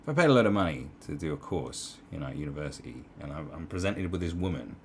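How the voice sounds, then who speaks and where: Sarcastic opinion commentary comes from a man with a very low voice who talks fast and sing-song, rambling and looping back with fillers and asides. There's a faint hiss under the recording.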